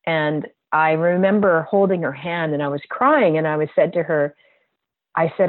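A woman's voice: low-pitched, no room sound. A woman guest, a bodywork practitioner, telling a personal story in an earnest, heartfelt way. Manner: earnest, heartfelt, slow and reflective. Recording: tinny phone-like line, dry.

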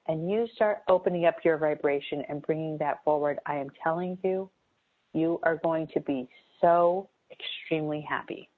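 A woman giving an earnest, emphatic motivational talk on manifesting, repeating key phrases for emphasis. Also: lowish voice. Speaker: spiritual coach. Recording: tinny phone-like sound.

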